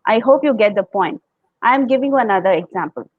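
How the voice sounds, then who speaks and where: Her mid-range voice moves with lively intonation at a fast clip as she explains public speaking tips on a podcast in an Indian accent. She acts out sample tones and laughs a lot. The audio is narrow and tinny, with no room sound.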